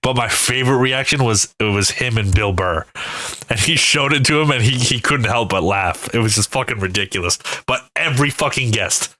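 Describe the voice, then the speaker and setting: A man co-hosting a casual comedy podcast, telling stories in an animated way with lots of swearing and acted-out screams. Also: medium pitch, normal speed, no echo, poor audio. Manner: animated storyteller, heavy swearing, acts out screams. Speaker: podcast co-host.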